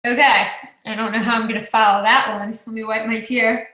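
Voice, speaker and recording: A woman's voice: on the high side, level tone, brisk, pushed and bright, roomy sound, rough recording. A woman in her thirties telling her own story on a group call, chatty, acting out her own past thoughts. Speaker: team coach sharing her story. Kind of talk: personal testimonial on a group call.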